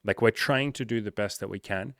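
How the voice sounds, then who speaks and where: Low-ish guy coaching straight to camera, cusses a lot, super direct, dry room. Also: fairly quick, gravelly, a bit bright, no room sound. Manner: blunt, profane, direct. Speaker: life coach. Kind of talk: casual motivational talk.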